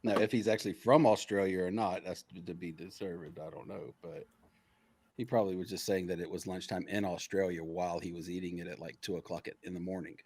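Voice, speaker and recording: A man co-hosting a relaxed podcast with a somewhat low voice. He jokes and teases in an easy, conversational way. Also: a little fast, slight background noise. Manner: joking, teasing. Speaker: podcast co-host. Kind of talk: casual podcast chat.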